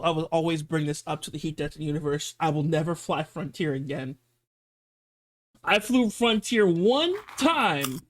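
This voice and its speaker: High-pitched guy streamer ranting about a story, animated, swears a bit. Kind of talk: casual chat and storytelling.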